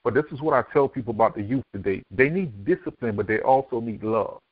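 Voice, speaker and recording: Brisk male guest storyteller, fast delivery over a phone-quality line. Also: medium pitch, expressive, no echo. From Miami, Florida. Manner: vivid storyteller who acts out quoted dialogue. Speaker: podcast guest, author and speaker. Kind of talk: telling his life story in an interview. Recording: dry, tinny phone-like line.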